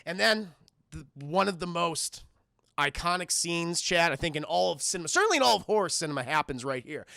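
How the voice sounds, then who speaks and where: A man streaming a casual, profane film review, talking excitedly to his chat and acting out the characters' lines. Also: a little high, fairly quick, gravelly, no echo, clean studio sound. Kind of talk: live-stream film commentary.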